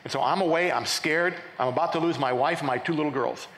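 A middle-aged male pastor telling his testimony in a lively sermon, often restarting his sentences. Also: a little high, fast talker, a little hiss or hum. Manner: animated storytelling with repeated restarts. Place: large church sanctuary. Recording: echoey church hall.

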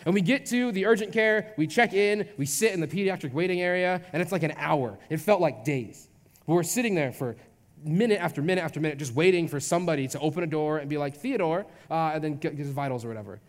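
A man's voice: fairly high pitch, fast talker. A young man, a youth pastor, telling a personal story in a casual, chatty sermon full of fillers. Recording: long hall reverb.

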